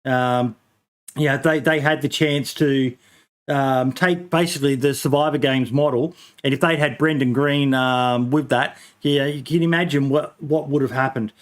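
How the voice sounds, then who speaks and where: A man's voice: medium pitch, fairly even intonation, a little slow. A man hosting a casual podcast, rambling with many ums and restarts and casual swearing. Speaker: podcast host.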